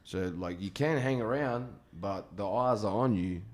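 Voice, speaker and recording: A man's voice: on the low side, a little slow. A male comedian telling a story in casual, sweary podcast chat.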